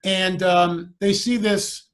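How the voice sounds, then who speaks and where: A man, a guest in a conversation, telling a story in an animated way and acting out the lines of the people in it. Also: high-pitched, slow pace. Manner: animated storyteller who acts out the quoted dialogue.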